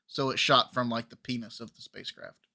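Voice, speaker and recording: A man co-hosting a podcast, reading the story slowly and cracking crude jokes with giggles. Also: mid-range voice, steady tone, bright, forceful tone. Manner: slow, giggly crude joking. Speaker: podcast co-host. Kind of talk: casual storytelling chat.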